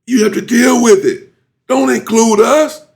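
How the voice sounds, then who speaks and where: A man's voice: steady tone, measured pace, vocal fry, darkish tone. Guy going off on his channel, fired up and indignant, voice shooting up when he's outraged. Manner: heated, indignant, swings to high exclaims. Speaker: commentary channel host. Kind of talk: ranting reaction commentary.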